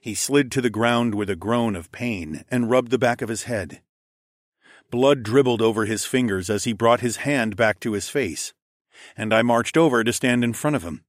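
Man narrating a dark fantasy audiobook. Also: fairly low pitch, moderate pace, no echo, studio quality.

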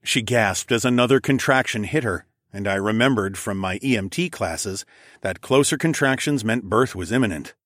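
An audiobook narrator with a fairly low voice reads a fantasy novel in first person, telling it in a steady, measured way. The studio recording is clean, with no room sound.

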